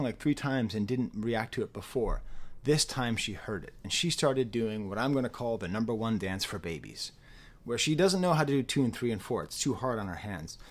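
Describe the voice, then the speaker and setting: A man giving a casual, rambling spoken album review, animated and prone to interrupting himself. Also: mid-range voice. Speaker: music reviewer.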